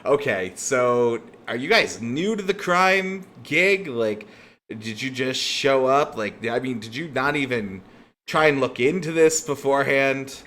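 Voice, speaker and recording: A man's voice: mid-range voice, measured pace, bright, forceful tone. A man voicing a smug, menacing male crime boss who sneers and swears as he mocks the people in front of him in a tabletop game. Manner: sneering, profane, mocking.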